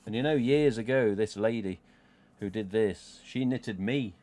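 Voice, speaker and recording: A man's voice: on the low side, a little slow, darkish tone. A middle-aged man with an English Midlands accent, chatting casually on a live stream, rambling and swearing freely as he goes. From England. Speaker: livestream host.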